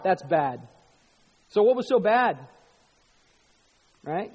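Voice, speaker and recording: A man preaching a sermon as pastor, animated, dropping to hushed tones and rising to loud emphatic bursts. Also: high voice, unhurried, long pauses, long reverb tail, poor audio.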